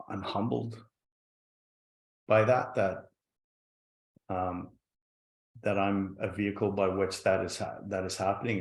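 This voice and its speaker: A man's voice: deep voice, vocal fry. A man speaking as a guest on a virtual panel, telling a personal story in an earnest, reflective way over a video call. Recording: roomy echo.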